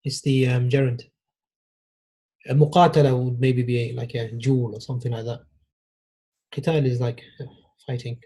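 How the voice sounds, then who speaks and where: A man's voice: mid-range voice, little pitch movement, normal speed, long pauses, mellow, slightly rough. A man teaching an Arabic grammar class, patiently repeating key phrases and praising his students. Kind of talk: classroom lesson.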